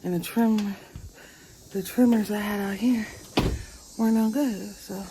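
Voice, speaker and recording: A woman's voice: mid-range voice, fairly even intonation, slow, noisy background. Chatty, sweaty woman vlogging at home. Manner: chatty, laughs often, talks to viewers as y'all. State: sweaty from yard work. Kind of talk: casual chatty vlog. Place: at home, in the backyard and indoors.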